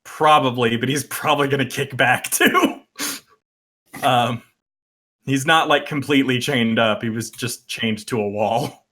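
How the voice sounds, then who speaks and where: A man's voice: mid-range voice, measured pace, sharp tone. A man narrating as game master of a tabletop game, hesitant with frequent fillers. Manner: hesitant, lots of uh and um, chuckling.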